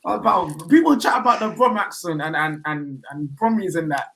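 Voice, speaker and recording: A young man from the West Midlands of England, talking as a podcast guest in animated, slang-heavy casual banter about football. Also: a little high, normal speed, gravelly, crowd noise, poor audio.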